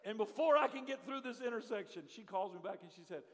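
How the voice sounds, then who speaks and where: High-voiced preacher in a reverberant church. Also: male voice, fast. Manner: animated, swings from hushed telling to shouting. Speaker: pastor. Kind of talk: storytelling sermon. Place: church sanctuary. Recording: live church hall reverb.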